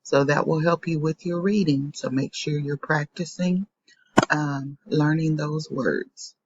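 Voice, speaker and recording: A woman teacher giving a slow, patient phonics lesson to young children, saying each word twice. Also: sits low, steady tone, lo-fi sound, a little hiss or hum.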